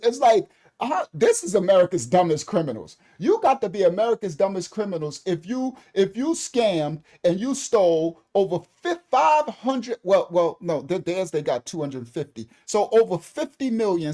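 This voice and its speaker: A middle-aged man doing casual commentary for online viewers, animated and preachy, laughing often, talking straight to his commenters. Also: sits high, moderate pace.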